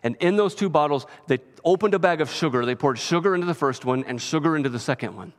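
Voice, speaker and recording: A man's voice: on the high side, lively intonation, fast. Conversational preacher man in a reverberant hall. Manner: conversational, often checks in with "right?". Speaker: pastor. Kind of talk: sermon. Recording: long reverb of a large hall.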